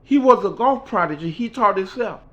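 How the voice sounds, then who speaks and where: A man's voice: high voice, animated, moderate pace, a bit bright, voice pushed up. A man voicing a tearful, amazed older woman golfer who speaks in a pleading, emotional way. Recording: dull lo-fi recording.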